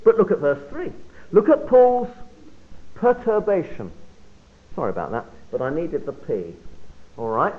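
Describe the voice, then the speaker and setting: A man preaching a Bible study sermon, emphatic and expressive, often dropping to a quiet, low voice for emphasis. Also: normal speed. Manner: expressive, emphatic delivery with sudden drops to quiet. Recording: phone-like narrow band.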